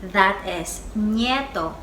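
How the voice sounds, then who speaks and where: A woman teaching a beginner Spanish vocabulary lesson, saying each word twice in a slow, deliberate way. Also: medium pitch, lively intonation, a bit bright. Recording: echoey room with faint background noise.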